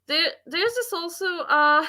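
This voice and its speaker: A woman's voice: very high voice, a little slow, pushed and bright. A woman in a casual podcast chat, talking hesitantly with many fillers and frequent giggles.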